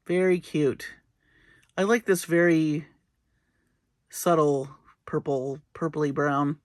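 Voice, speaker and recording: A woman's voice: low-pitched, takes it slowly, no echo, studio quality. A woman hosting a casual jewelry-making tutorial, chatty and playful as she works through each step. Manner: chatty and playful, with small laughs. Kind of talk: casual craft demonstration.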